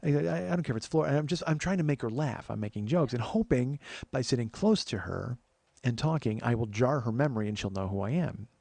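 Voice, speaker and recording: Brief: gravelly comedian, rambling storyteller, dry close sound. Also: male voice, medium pitch, lively intonation, fast talker, hardly any pauses, dark tone, no echo. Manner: rambling, conversational, many fillers. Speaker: comedian podcast host. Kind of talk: storytelling monologue.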